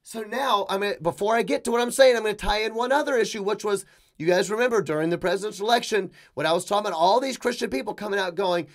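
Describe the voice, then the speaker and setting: A middle-aged man hosting a podcast, delivering an opinionated monologue with emphatic bursts, quick asides and mocking quoted voices. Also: high-pitched. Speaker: podcast host.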